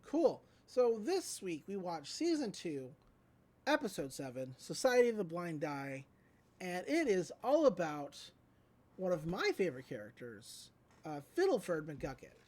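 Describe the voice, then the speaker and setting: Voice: mid-range voice, huge pitch swings, measured pace, darkish tone. This is a podcast host in casual recap mode, retelling a cartoon episode scene by scene. The talk is loose and rambling, filled with likes, ums and small restarts, like an easygoing chat between friends.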